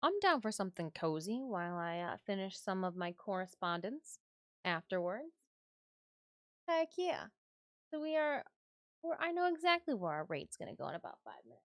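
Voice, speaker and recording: A woman's voice: medium pitch, sing-song, normal speed, no echo, studio quality. A woman from Michigan chatting casually on a live stream, sometimes cooing baby talk at her cats.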